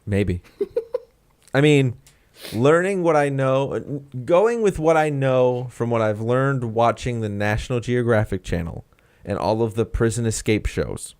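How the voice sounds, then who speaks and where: A man's voice: mid-range voice, animated, unhurried, darkish tone. A man co-hosting a casual comedy tech podcast, joking around and playful. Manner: jokey, playful, drifts into put-on voices. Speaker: podcast co-host. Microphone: webcam.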